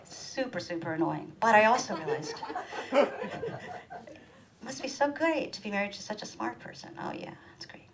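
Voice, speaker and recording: A middle-aged woman performing a stand-up comedy monologue in a small room, animated, and jumping high in pitch when she acts out other people's lines. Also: normal speed, long pauses, a crowd in the background, rough recording. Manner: animated, acts out quoted voices with big pitch jumps.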